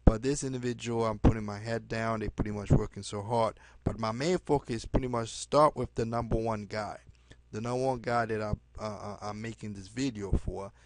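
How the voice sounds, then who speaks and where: Pushy man pitching, dry close sound. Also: steady tone, no room sound. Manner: pushy, repeats "okay?" often, halting restarts; swings from loud emphatic bursts to low trailing asides. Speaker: network marketing recruiter. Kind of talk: direct-to-camera sales pitch.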